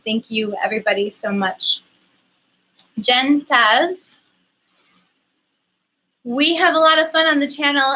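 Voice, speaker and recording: A woman's voice: on the high side, sharp tone, rough recording. A woman coaching spiritual topics on a livestream, talking casually and earnestly to viewers with frequent ums and restarts. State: getting emotional. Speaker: spiritual coach hosting a live chat.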